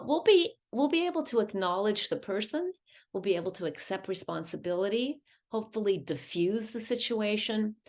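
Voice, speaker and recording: A woman from a hospice presenting a caregiving webinar in a calm, explanatory way. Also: medium pitch. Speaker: hospice educator.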